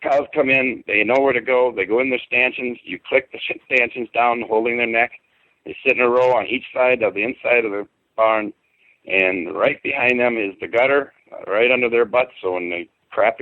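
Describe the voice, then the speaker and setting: A man's voice: mid-range voice, steady tone, normal speed, no echo. A middle-aged man, a podcast guest, telling a personal story in a rambling, colloquial and emphatic way over a phone call. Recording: tinny dry phone line.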